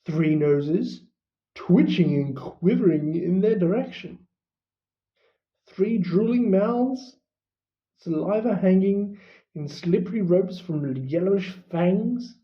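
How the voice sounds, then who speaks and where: A reader narrating a storybook in an unhurried, expressive way. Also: mid-range voice. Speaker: audiobook reader. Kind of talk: storybook reading. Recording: dull lo-fi recording.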